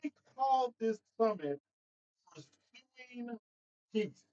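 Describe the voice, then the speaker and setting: Man, high voice, animated political commentary, dull lo-fi sound. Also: slow. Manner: animated, talks straight to viewers with laughs. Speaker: host.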